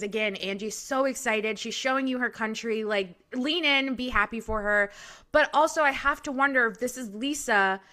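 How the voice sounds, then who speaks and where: Podcast co-host, woman from Florida, bright and fairly high, bubbly casual chat. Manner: bubbly, laughing, frequent "like".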